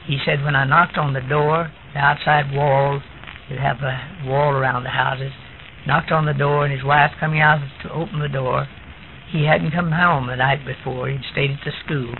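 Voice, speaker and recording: A man's voice: medium pitch, steady tone, normal speed, creaky. A man preaching a sermon, telling a testimony story in a plain storytelling way. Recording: tinny lo-fi recording with faint hiss.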